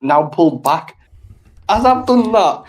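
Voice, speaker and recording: Guy on a podcast, animated storytelling, swears a lot, voice swings all over. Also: high-pitched, a little slow. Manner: animated, swearing, laughing, acts out quotes. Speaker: podcast host. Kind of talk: casual storytelling chat.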